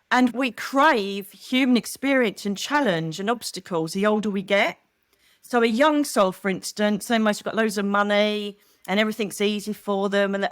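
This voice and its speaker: A woman's voice: mid-range voice, expressive, normal speed, no echo, studio quality. A middle-aged woman chatting as an interview guest, telling stories animatedly and acting out quoted voices. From United Kingdom. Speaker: guest, psychic medium. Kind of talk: casual chat.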